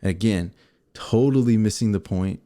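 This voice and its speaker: Man telling a story with a lowish voice. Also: normal speed. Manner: animated, acts out scenes and quotes. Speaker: co-host. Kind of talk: casual storytelling to viewers.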